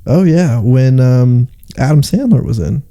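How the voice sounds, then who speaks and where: A young man co-hosting a podcast, chatting casually and joking, with quick asides and a bit of swearing. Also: medium pitch, animated, a crowd in the background. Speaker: podcast co-host. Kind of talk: casual chat.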